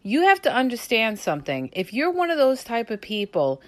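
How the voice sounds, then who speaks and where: A woman's voice: fairly high pitch, wildly swooping pitch, normal speed. A woman hosting a podcast, giving emphatic, coaching advice to listeners, checking in often with "okay?" and "all right?". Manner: addresses listeners as "you guys". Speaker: podcast host. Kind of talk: casual advice monologue.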